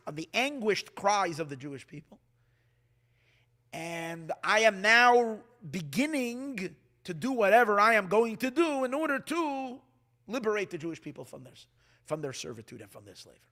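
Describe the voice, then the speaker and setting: A man giving a sermon as a rabbi, animated and prone to restarts, who acts out quoted dialogue. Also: sits high, moderate pace.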